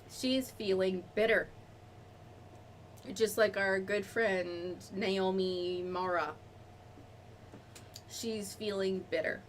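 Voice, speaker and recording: A woman talks through a relaxed Bible study on a live stream, rambling and chatty, at a mid pitch with a faint hiss behind her. Her talk wanders through asides and fillers as she works her way to each point.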